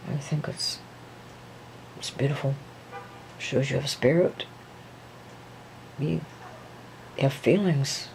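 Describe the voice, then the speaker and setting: A woman plays a kind young male dancer in a homemade pretend drama. He speaks low and mellow, slow and reassuring, stumbling over plenty of ums. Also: gravelly, a little hiss or hum, exaggerated voice, low-quality recording. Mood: gentle. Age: young adult. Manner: slow, soothing, hesitant with many ums.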